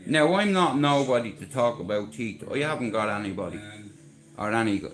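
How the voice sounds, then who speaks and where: An Irish man holds forth on a livestream in a combative, taunting rant. He boasts loudly, swears freely and dares his rival to do something about it. His voice sits at an ordinary middle pitch for a man. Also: expressive, brisk, poor audio. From Ireland. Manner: challenges his target directly.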